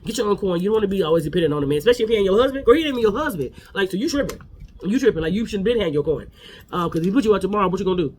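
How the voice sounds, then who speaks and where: A man's voice: high voice, expressive, very fast, a little mellow, a little hiss or hum. A man giving a casual, sassy gossip recap of a reality show, talking straight to his viewers.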